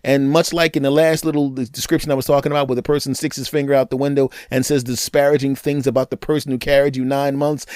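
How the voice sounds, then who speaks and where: Animated man telling comic stories. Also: medium pitch, no echo, clean studio sound. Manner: animated, sarcastic, big swings between loud and hushed. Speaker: podcast host. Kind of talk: comedic storytelling monologue.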